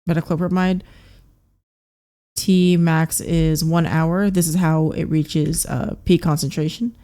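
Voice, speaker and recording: Woman streamer, low-pitched voice, halting muttered study reading, filler-heavy. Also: steady tone, warm tone. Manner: mutters terse drug facts, halting with fillers. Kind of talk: live study stream, reading flashcard answers aloud.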